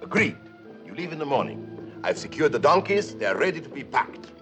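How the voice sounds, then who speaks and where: A man's voice: a little high, very animated, a little fast. An actor playing a wheedling, scheming male colonial official who talks in a fawning, theatrical, sing-song way. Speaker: local official. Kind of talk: 1950s film acting. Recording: dull old film soundtrack with music.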